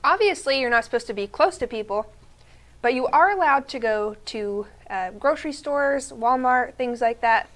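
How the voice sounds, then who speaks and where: A woman, co-hosting a casual radio chat, playful and quick to laugh, with a lingering cough. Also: on the high side, lively intonation, fairly bright tone. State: has a cough. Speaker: radio show co-host. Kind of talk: casual morning-show chat.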